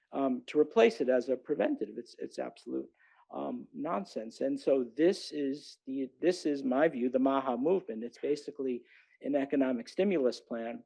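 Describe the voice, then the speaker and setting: A man's voice: mid-range voice, gravelly, mellow, rough recording. A middle-aged man giving an academic lecture in a frank, combative way, often restarting his sentences. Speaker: guest lecturer. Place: lecture hall.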